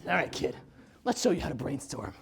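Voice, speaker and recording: A young man playing a gruff, bossy older storyteller who speaks in low, clipped commands. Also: sing-song, brisk, a little hiss or hum. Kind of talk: solo comedy performance.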